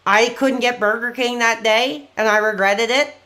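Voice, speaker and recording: A man hosting a live call-in stream in a rambling, quick-tempered, often exasperated way. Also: extremely high pitch, fairly even intonation, bright, forceful tone.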